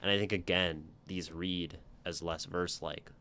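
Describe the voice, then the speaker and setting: A man's voice: low-pitched, fairly quick, few pauses, pushed and bright. A man on a casual livestream reading viewers' poems aloud and picking them apart, tapping out the meter with "ba-dum" sounds and checking in with "right?" as he thinks aloud. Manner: reads verse aloud, then taps out meter with "ba-dum" sounds. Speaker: streamer critiquing viewer poetry.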